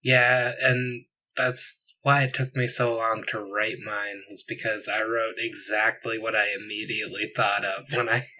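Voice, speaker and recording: A laid-back young man chatting on a podcast. He talks slowly in a lower, bright-edged voice, and the recording sounds dull and lo-fi. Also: flat delivery. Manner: laid-back, short replies, laughs. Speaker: podcast co-host. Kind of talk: casual chat.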